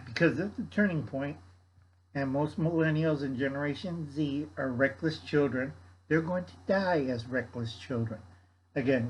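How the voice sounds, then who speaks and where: A man's voice: mid-range voice, a bit bright, breathy edge, rough recording. An older man hosting a gardening channel, giving blunt, folksy advice in a rambling casual chat and scolding his viewers. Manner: blunt, scolding, folksy, refers to himself in third person.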